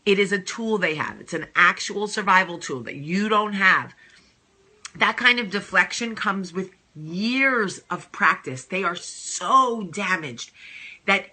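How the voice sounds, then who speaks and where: A woman hosting a casual advice vlog, talking in an animated, emphatic and sassy way. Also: medium pitch, measured pace. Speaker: host.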